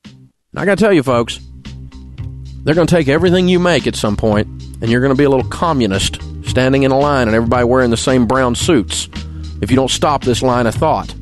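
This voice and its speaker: A man's voice: medium pitch, brisk, faint music behind. A middle-aged man, hosting a talk radio show and delivering an angry, indignant rant full of name-calling. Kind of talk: ranting talk radio monologue.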